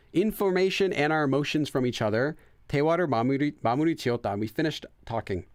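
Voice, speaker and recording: A man's voice: mid-range voice, no room sound, studio quality. A man hosting a casual let's play, chatting in a rambling way with lots of fillers and self-corrections while translating game text aloud.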